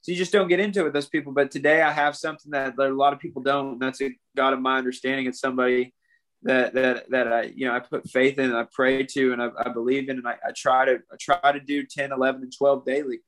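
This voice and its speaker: A young man talks fast in a medium-pitched, fairly bright voice with little pitch movement. Guesting on a podcast, he speaks candidly and earnestly about something painful, emotional and often calling people "man."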